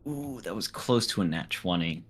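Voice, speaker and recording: A man with a lowish but bright, forward voice plays at a tabletop session. He talks in a laid-back, slangy way and checks the rules with the game master as he goes. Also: lively intonation, normal speed. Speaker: player. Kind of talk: casual tabletop play chat.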